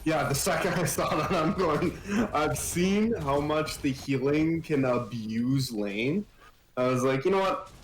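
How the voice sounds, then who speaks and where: A man's voice: fairly high pitch, takes it slowly, soft background music. Laid-back Canadian man, roomy sound. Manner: laid-back, laughs easily, explains his team's plan. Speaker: guest caster and team player. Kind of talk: casual esports co-commentary. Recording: echoey room with faint noise.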